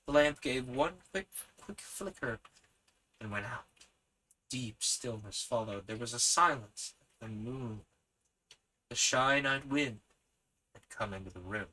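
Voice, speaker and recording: A man reading a story aloud as host of a reading podcast, in a soft, measured voice. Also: mid-range voice, lively intonation, poor audio.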